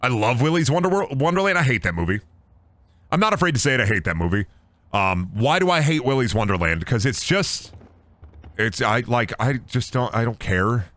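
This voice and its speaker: Animated, joking male gaming streamer. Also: mid-range voice, normal speed, no echo. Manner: jokey, profane, breaks into silly sing-song voices. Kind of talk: casual live-stream chat over gameplay.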